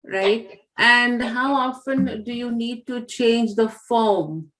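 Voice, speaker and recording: A woman's voice: a little high, takes it slowly, fairly bright tone. A woman hosting a casual chat, agreeing often and asking follow-up questions with small hesitations. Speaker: host interviewing the teacher. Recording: echoey room.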